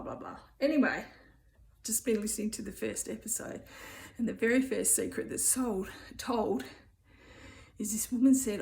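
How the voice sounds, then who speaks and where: A woman in her fifties with an Australian accent tells a story in a casual, chatty vlog, rambling with many "um"s and "anyway"s. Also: medium pitch. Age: 50s. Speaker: vlogger.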